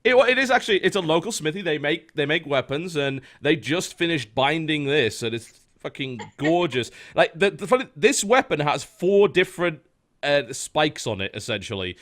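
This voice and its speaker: A man's voice: on the high side, very animated, normal speed, a bit bright. A man, a podcast host telling a story in casual chat, dry and understated.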